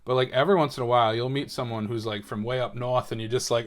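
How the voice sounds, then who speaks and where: A man's voice: mid-range voice, flat delivery, fairly quick, hardly any pauses. A young man from New England hosting a casual solo episode, chatting and rambling with lots of fillers while he builds a Lego set. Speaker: podcast host.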